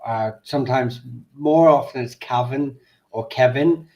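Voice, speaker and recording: A man's voice: medium pitch, a little slow, darkish tone, muffled recording. A man explaining history in a casual chat, hesitant and thinking aloud with many ums. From Northern Ireland. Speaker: history guest.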